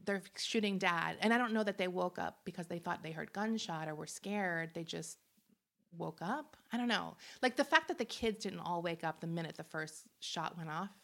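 A woman's voice: lowish voice, expressive, normal speed, vocal fry. Woman host, casual true-crime podcast narration, chatty, laughs easily. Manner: chatty, laughs often, acts out quotes.

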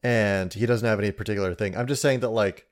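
Low-voiced hesitant male player. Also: fairly even intonation, fast. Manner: hesitant, filler-heavy. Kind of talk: tabletop game chat.

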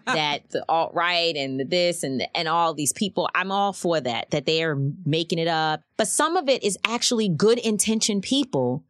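Woman march organizer, low-ish voice, candid interview storytelling, dry booth sound. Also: normal speed, hardly any pauses, no echo. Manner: animated storytelling, acts out quotes with rising pitch.

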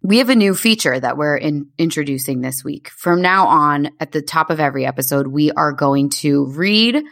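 A woman's voice: sits low, animated, normal speed, vocal fry, hardly any pauses, fairly bright tone. A woman co-hosting a podcast in casual chat, steadily steering the conversation. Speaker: podcast co-host.

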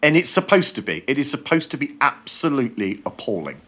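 A man, a comedian, talks as a guest on a podcast. He tells his stories with energy and acts out the quoted lines in changing voices. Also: a little fast. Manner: animated, acts out quotes with shifting pitch. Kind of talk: casual podcast chat, storytelling.

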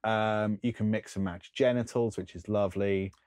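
A man with a very low voice chats loosely on a podcast, filling gaps with ums and little laughs. He is recorded close on a microphone in a dry, dead room. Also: steady tone, normal speed, a little mellow, clean tone, no echo. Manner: rambling, lists things with frequent ums and laughs. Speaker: podcast co-host. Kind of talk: casual chat.

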